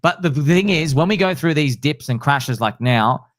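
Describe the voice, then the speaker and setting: Excitable slangy male host. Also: a little high, normal speed, dry recording, studio quality. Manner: excitable, slangy, acts out quotes. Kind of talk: casual chat.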